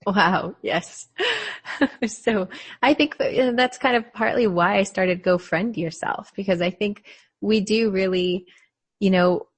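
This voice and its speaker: A woman's voice: fairly low pitch, slightly rough, no echo. A woman psychologist talking reflectively in a casual podcast conversation, often laughing lightly. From United States.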